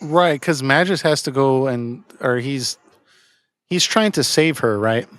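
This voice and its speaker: A man's voice: medium pitch, a little slow, fairly bright tone, dry recording, clean studio sound. Hesitant man chatting about games. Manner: hesitant, many fillers and restarts. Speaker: podcast co-host. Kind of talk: casual game discussion.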